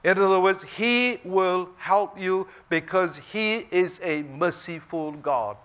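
A male preacher's high voice is smooth and a little bright as he delivers a slow, emphatic sermon. He regularly breaks off to check that his audience is following.

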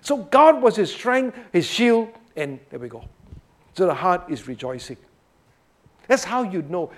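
High voice guy teaching a psalm, swoops up and down a lot, takes it slow, keeps saying right. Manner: animated, often checks in with "Right?". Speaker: Bible teacher. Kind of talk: expository sermon.

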